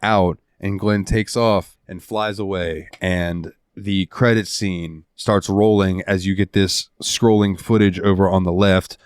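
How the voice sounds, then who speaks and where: A man hosting a casual podcast, recounting a game's ending with animated, heartfelt storytelling and some swearing. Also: low-pitched, measured pace, few pauses, clean tone, dry recording. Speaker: podcast host. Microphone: studio headset mic.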